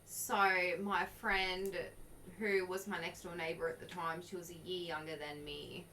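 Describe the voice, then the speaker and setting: A woman's voice: fairly low pitch, level tone, a little slow, fairly bright tone, slight background noise, poor audio. A woman, co-hosting a podcast and telling a story in a loose, sweary way full of likes and laughs. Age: early 20s. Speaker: podcast co-host. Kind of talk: casual storytelling chat.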